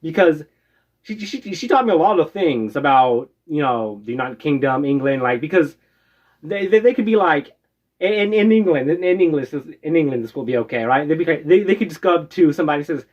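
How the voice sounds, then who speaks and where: A man's voice: a little high, animated, fairly quick. An American man casually telling stories from his past, rambling with lots of "uh"s and a habitual "right?". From United States. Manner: rambling, many "uh"s and tag "right?". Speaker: storyteller. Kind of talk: casual storytelling. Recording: dull lo-fi recording.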